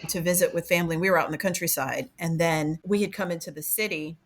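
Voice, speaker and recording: A woman's voice: lowish voice, quick pace. A woman guest on a podcast talking casually, often restarting and qualifying what she says. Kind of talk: casual conversation.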